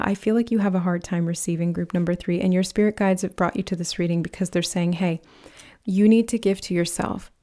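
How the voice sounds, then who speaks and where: A woman giving a pick-a-card tarot reading, speaking in a gentle, earnest way that rambles a little, with soft laughs. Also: mid-range voice. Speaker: tarot reader.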